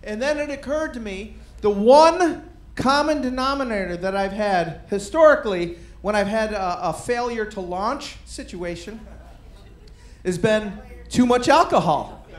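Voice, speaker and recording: A man doing stand-up comedy, telling a self-mocking story in an animated way and acting out bits of dialogue. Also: sits high, a little slow, reverberant.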